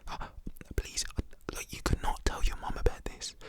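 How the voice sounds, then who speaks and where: A woman's voice: moderate pace, lightly acted. A man whispering the lines of a nervous, pleading teenage girl babysitter, as whispered role-play in an ASMR storytime. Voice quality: soft whisper. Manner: pleading, flustered.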